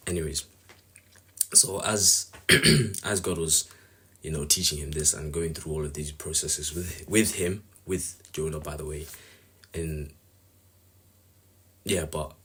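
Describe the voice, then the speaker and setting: A man's voice: rumbling low, a bit bright, breathy edge. A man giving a casual devotional talk on a Bible passage, earnest and rambling as he thinks aloud. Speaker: Bible reflection speaker.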